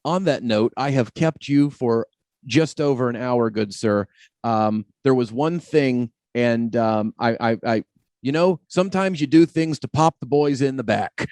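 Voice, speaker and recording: A man's voice: mid-range voice, darkish tone, no echo. A man hosting a podcast, chatty and jokey in casual conversation. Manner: chatty and jokey, quick to laugh. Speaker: podcast host.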